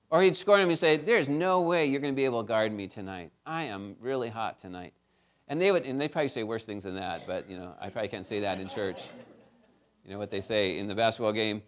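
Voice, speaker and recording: A man preaching a children's sermon, retelling a story in a chatty, animated way and asking his listeners questions. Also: high voice.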